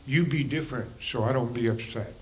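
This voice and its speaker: A man's voice: medium pitch, a little fast, rough recording. Musing man giving a spiritual talk. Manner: conversational, musing, with rhetorical questions and chuckles. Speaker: spiritual teacher and counselor. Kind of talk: reflective spiritual talk to a congregation.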